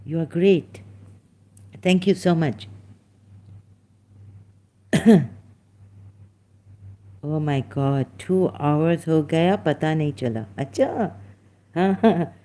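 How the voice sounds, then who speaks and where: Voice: mid-range voice, takes it slowly, pauses often, mellow. A livestream host effusively thanking a viewer, repeating the thanks, laughing often and slipping into Hindi phrases.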